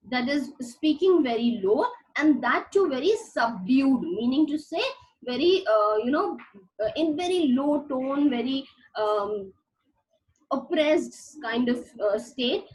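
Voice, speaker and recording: A woman with a high voice teaches a classic play, walking her students through each line. She paraphrases patiently and fills her pauses with "uh" and "you know". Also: poor audio. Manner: paraphrases slowly with many fillers. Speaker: literature teacher.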